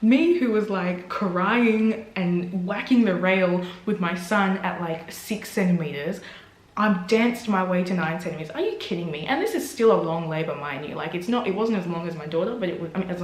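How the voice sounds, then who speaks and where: A young woman, telling her own birth story in a candid vlog and acting out what she said. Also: lowish voice. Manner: animated, acts out her own quotes with laughter. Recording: roomy echo.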